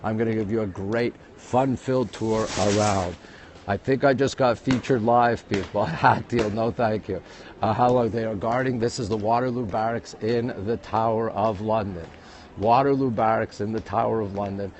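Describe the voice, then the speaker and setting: A man's voice: on the low side, fairly even intonation, moderate pace, darkish tone, a little hiss or hum. A man giving a chatty live-streamed walking tour outdoors at a historic castle, greeting viewers and repeating himself, speaking into a handheld phone. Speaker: livestream tour guide. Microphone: phone held while walking.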